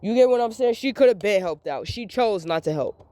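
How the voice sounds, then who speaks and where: A woman's voice: medium pitch, expressive, fairly quick, dark tone, slight background noise. A young adult woman talking straight to her viewers in a candid monologue, venting emphatically and repeating her points. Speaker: vlogger.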